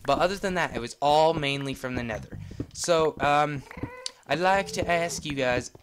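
A man giving casual, jokey commentary over his own gameplay video, talking in excitable bursts. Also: a little high, moderate pace, crowd noise. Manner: excitable, jokey, rambling exclamations. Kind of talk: casual let's-play commentary.

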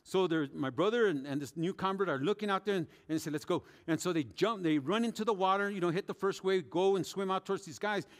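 A man preaching as a pastor, telling a story with animated delivery and acting out what people said. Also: high voice, fast talker, hardly any pauses. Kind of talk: sermon. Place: church sanctuary. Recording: long hall reverb.

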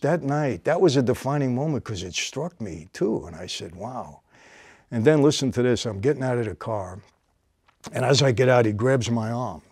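A man's voice: husky, no room sound, studio quality. New man telling a tense story. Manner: vivid storytelling, drops to a low quiet voice for tense moments. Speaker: host telling a personal story. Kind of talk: casual storytelling conversation.

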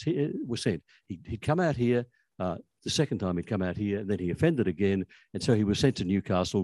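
A man's voice: fairly low pitch, darkish tone, husky, no echo. An older Australian man giving a conversational, anecdotal talk about language history, with frequent restarts. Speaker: author speaking on language history.

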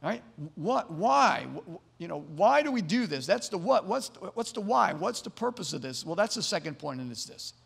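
A man's voice: high-pitched, sing-song, moderate pace, vocal fry, hardly any pauses, a bit bright, breathy edge, long reverb tail. A man preaching a sermon as pastor, earnest, often repeating words as he builds to emphatic points. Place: church sanctuary.

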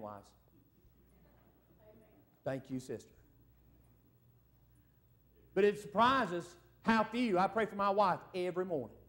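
A middle-aged man preaching a folksy revival sermon in a church, calling out for amens from the congregation. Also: a little high. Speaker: evangelist. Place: church service.

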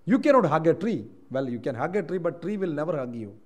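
A man from Kerala with an Indian English accent, preaching a sermon in a church, moving between quiet reflective lines and loud emphatic ones. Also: fairly high pitch, big pitch swings, quick pace. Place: church hall.

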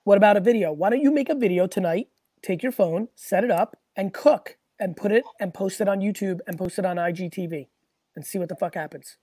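A man hosting a live call-in Q&A show, answering callers in a blunt, profane, emphatic way that often rises to shouting. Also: sits high, fairly quick, no room sound, studio quality. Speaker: host answering callers' questions.

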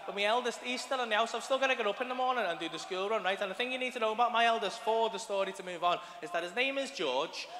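Stand-up comic, high bright voice, crude sweary storytelling, live hall reverb. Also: male voice, fast talker, hardly any pauses. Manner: crude, swearing, animated and chatty. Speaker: stand-up comedian. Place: live comedy venue, large hall.

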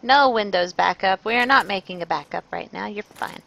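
In a rough recording, a woman with a medium-pitched, gravelly, slightly bright voice talks at a moderate pace while streaming a game. She chats casually with viewers, greets them, and jokes about her own play in self-mocking gameplay commentary.

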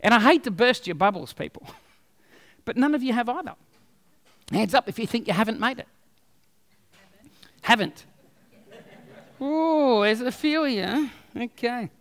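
A pastor delivers his sermon in a strikingly high, bright voice. He tells stories with animated humor, and the sound carries a long hall reverb. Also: moderate pace, vocal fry, pauses often.

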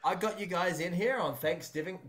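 A man's voice: high voice, fairly quick, a bit bright. An Australian man, a podcast guest, joking and laughing through a casual chat in a playful, self-mocking way.

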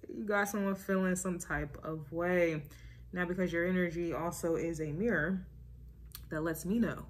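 Forceful, lower-voiced woman tarot reader. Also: fairly even intonation, a little slow. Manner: emphatic, repeats herself, checks in with "all right?" and "okay?". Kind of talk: casual tarot reading to camera.

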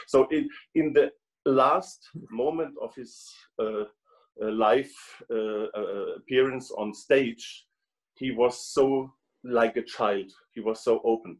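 Over a video call with poor audio, a German trumpet player chats casually in English, his second language. His mid-range voice moves slowly, and he often repeats words while hunting for the right one.

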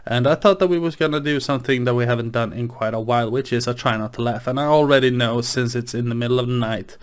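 A man's voice: medium pitch, fast talker, clear, resonant tone. A man hosting his channel, chatting casually late at night in a rambling, hesitant way with many restarts. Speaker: gaming channel host.

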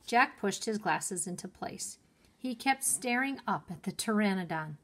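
Woman teacher, reading a chapter book aloud, very lively intonation, slow and deliberate. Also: medium pitch. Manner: expressive, storytelling.

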